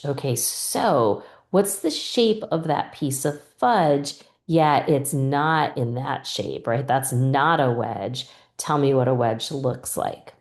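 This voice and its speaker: Slow, low-voiced woman teacher. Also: mellow, reverberant. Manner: patient, modeling student questions and answers. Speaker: reading teacher trainer. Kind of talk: instructional explanation.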